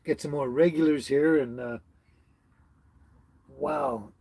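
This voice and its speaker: Husky man chatting on a livestream. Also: a little high, slow, warm tone, no room sound. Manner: chatty, chuckles often, stumbles over names. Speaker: livestream host. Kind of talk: casual live chat reading viewer comments. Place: tiny house on wheels.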